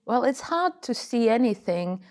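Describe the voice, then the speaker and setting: A woman chatting as a podcast guest, deadpan and darkly joking. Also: a little high, a little slow. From Russia. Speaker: guest comedian. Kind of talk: casual podcast chat.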